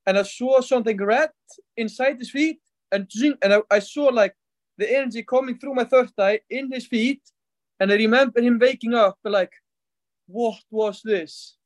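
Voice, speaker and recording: A man on a video call asking a question, halting and searching for words with many "like"s. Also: very high voice, no echo. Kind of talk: casual chat on a video call.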